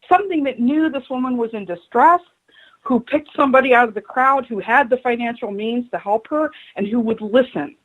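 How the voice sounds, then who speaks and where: A woman, a spiritual advisor and radio guest, telling a personal story with lively acted-out dialogue. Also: a little high, husky, narrow, tinny audio. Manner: animated storyteller acting out quoted voices.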